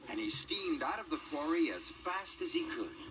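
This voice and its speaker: A man narrating a children's train story with an expressive reading. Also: a little high, moderate pace, background noise. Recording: music bed behind the voice.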